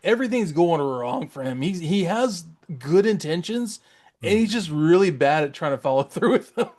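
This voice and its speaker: A man's voice: fairly high pitch, lively intonation, normal speed, darkish tone. A man co-hosting a podcast, casually recapping a cartoon episode, laughing often and acting out the characters' lines. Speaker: podcast co-host.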